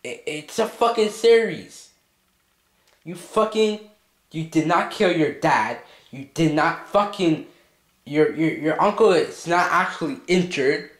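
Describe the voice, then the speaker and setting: A man's voice: fairly high pitch, animated, takes it slowly. Agitated swearing man, roomy sound. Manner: agitated, heavy swearing, stammering repeats. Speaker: vlogger. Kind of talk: comedic self-argument skit.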